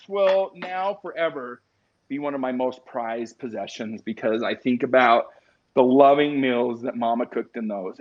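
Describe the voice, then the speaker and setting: A man's voice: mid-range voice, measured pace. A man hosting a live stream in casual chat, talking to his viewers in an emotional, chatty way. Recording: dull lo-fi stream audio.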